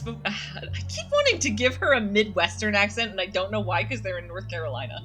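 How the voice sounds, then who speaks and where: A woman's voice: mid-range voice, big pitch swings, fast, few pauses, a bit bright, faint music behind. A woman streamer musing and rambling while playing and reading a story game aloud. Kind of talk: let's-play commentary and reading aloud.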